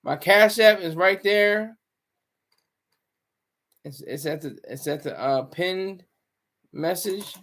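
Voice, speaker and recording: A man's voice: sits high, takes it slowly, pauses often, a bit bright. A man giving casual, rambling livestream commentary, often breaking off mid-sentence and chuckling. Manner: rambling, self-interrupting.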